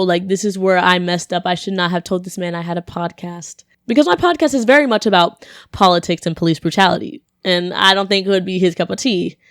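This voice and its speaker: A young woman hosting a podcast and telling funny stories in a casual, animated way, laughing often and filling her talk with "like". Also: mid-range voice, no room sound, clean studio sound. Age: young adult. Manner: animated, laughing, full of "like" fillers. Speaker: podcast host.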